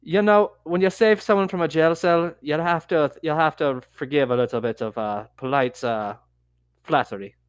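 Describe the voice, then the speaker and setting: A man playing a polite, flattering male prisoner with an odd accent, talking haltingly with many fillers. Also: fairly high pitch, smooth, no room sound, studio quality, lightly acted. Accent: odd put-on accent. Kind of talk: tabletop game role-play.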